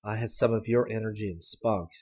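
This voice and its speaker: A man voicing a tired, thoughtful young woman who speaks softly and hesitantly. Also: on the low side, fairly quick, breathy edge. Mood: wistful. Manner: soft, wistful, hesitant.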